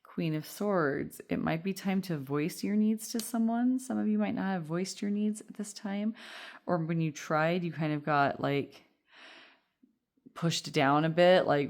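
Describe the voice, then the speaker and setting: A woman's voice: fairly low pitch, measured pace. A woman giving a casual, reassuring tarot reading, chatty and rambling with fillers. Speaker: tarot reader.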